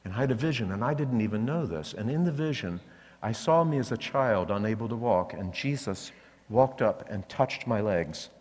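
Male preacher, lively storyteller, long reverb of a large hall. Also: on the low side, normal speed. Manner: animated storytelling, acting out voices. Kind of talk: sermon.

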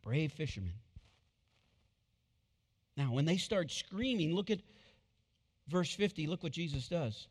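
A male pastor delivering a sermon, shifting from quiet, intimate passages to loud, excited bursts, on a wireless body mic. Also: on the high side, measured pace, long pauses, big-room sound.

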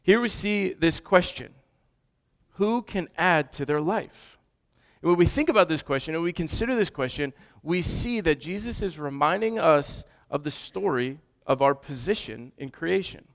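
Male pastor, 30s, slightly higher voice, earnest and conversational sermon delivery. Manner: earnest, conversational preaching with restarts.

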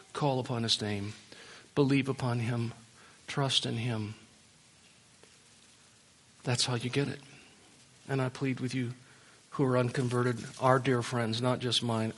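A male pastor delivers a sermon in a church worship center, his voice sitting at an ordinary middle pitch. He pleads earnestly with his listeners, building to impassioned appeals before dropping back to a soft, intimate tone. The recording carries the long reverb of a large hall.

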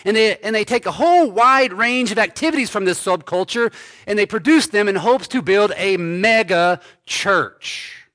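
A male pastor preaching a sermon slowly and emphatically, repeating key phrases. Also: sits high, fairly bright tone, dry recording, studio quality.

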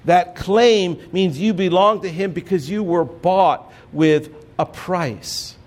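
A man preaching a sermon as pastor, earnest and measured, dropping soft and low on key phrases.

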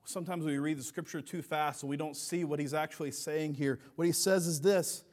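A man's voice: on the high side, fairly even intonation, brisk, few pauses. Earnest preacher man, rising and falling. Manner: earnest, building to emphatic peaks then dropping soft. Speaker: pastor. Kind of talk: sermon.

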